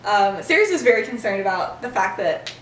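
Speaking a little quickly in a medium-pitched, very animated voice, this young female podcast host retells a story casually, performing the characters' dialogue and laughing frequently. It's picked up by a distant mic in a roomy space, with faint noise.

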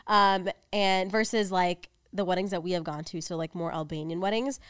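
A woman's voice: fairly low pitch, fairly even intonation, normal speed, fairly bright tone, clean tone, no echo. Congested young woman chatting, dry sound. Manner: rambling, filler-heavy, chatty. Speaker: podcast co-host. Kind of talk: casual chat.

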